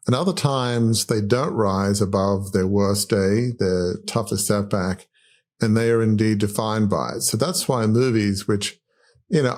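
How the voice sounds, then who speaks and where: A middle-aged man with an Australian accent, speaking earnestly on a podcast with frequent fillers. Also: on the low side. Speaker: podcast host. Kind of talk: reflective podcast conversation.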